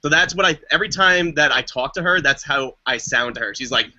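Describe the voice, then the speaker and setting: Man, guest, chatty storyteller, very bright voice, muffled lo-fi call. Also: on the high side, expressive, moderate pace, hardly any pauses. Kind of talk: casual live video chat. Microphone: video call.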